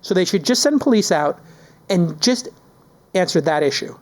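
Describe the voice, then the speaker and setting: A man hosting a podcast in casual chat, animated and joking, ranting with mock outrage. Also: sits high, moderate pace. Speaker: podcast host.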